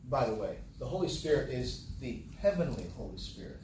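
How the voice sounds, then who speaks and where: A man's voice: mid-range voice, very animated, fairly quick, few pauses, darkish tone, a little hiss or hum. A man preaching a sermon, reading scripture aloud and repeating key phrases for emphasis. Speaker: pastor. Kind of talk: sermon, Bible teaching. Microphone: camera from a distance. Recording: echoey hall, voice from a distance.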